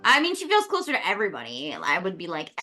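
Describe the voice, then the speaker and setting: A woman's voice: on the low side, wildly swooping pitch, quick pace, bright, forceful tone. A woman chatting casually as a tabletop game player, playful and laughing often. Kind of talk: casual chat between players.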